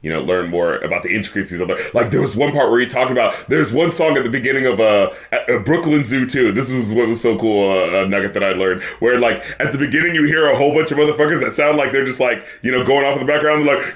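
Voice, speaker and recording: A man's voice: a little high, fast. A man co-hosting a music podcast, telling stories in loose, profane casual chat. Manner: loose, profane storytelling with bursts of acted shouting. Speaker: podcast co-host and rap critic.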